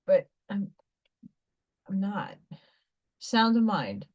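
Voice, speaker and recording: Woman, fairly high voice, casual livestream chat, rambling, blunt, occasional swearing. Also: expressive, a little slow, pauses often. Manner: reads card messages aloud between chat. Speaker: livestream host reading oracle cards.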